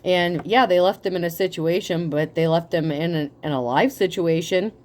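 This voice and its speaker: Profane, animated woman tarot reader. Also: on the low side, normal speed. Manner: profane, animated, laughs often. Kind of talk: casual tarot reading monologue.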